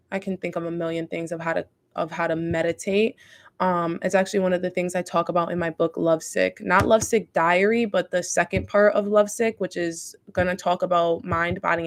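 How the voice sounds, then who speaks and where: Woman spiritual talker, gravelly texture, earnest rambling delivery with fillers. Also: lowish voice. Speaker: spiritual content creator. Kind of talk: casual spiritual talk.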